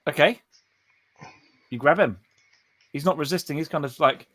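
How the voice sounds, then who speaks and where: A man's voice: a little high, normal speed, pauses often, a bit bright. A man running a live-streamed tabletop game as dungeon master, playful and slipping into character voices.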